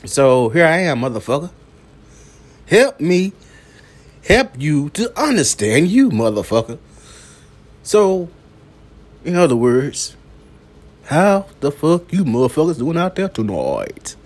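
A man hosting a late-night solo podcast, talking slowly and profanely and returning again and again to one catchphrase. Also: fairly high pitch, very animated, slightly rough. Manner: slow, profane, repeats a catchphrase; coughs now and then. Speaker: podcast host. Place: downtown building at night.

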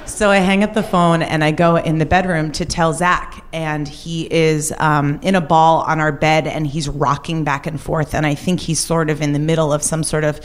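A woman's voice: sits low, level tone, moderate pace, few pauses, slight background noise. A young woman telling a personal true story on stage, candid and wry. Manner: candid, shifts between wry and raw.

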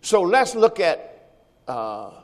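Lively high-pitched preaching man, hall reverb. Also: slow. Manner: call-and-response preaching, has the congregation repeat phrases. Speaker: pastor. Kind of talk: sermon. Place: church service.

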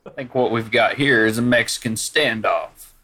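A man's voice: medium pitch, normal speed, pushed and bright. A man playing a tabletop game, wry and scheming with the group. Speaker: player. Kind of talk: casual tabletop play.

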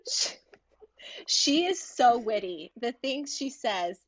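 A woman's voice: on the high side, animated, slow pace, slightly rough, no echo. A woman co-hosting a casual podcast chat, giggly and gushing about the kids. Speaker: podcast co-host. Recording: slightly muffled dry audio.

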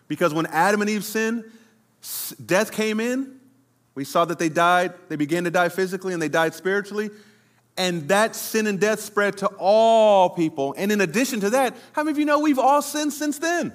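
A middle-aged pastor preaching a sermon to his congregation, slowing down and drawing out words for emphasis. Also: high-pitched. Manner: preaching to a congregation, addressing the room directly; slows down and draws out words for emphasis.

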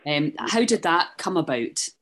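A podcast host asking thoughtful, measured questions in a conversational interview, with a few ums. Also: mid-range voice, very animated, a bit bright.

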